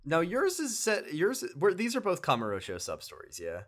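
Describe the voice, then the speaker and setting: A podcast co-host with a high voice chats casually at normal speed while recapping a video game. He's animated, laughs often, and acts out the characters' lines.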